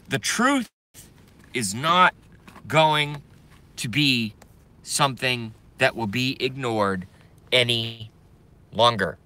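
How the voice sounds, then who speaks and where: A man's voice: mid-range voice, gravelly, pushed and bright. Angry man ranting on a live stream. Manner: angry, profane ranting with sudden outbursts and apologies. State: voice going hoarse from ranting and smoking.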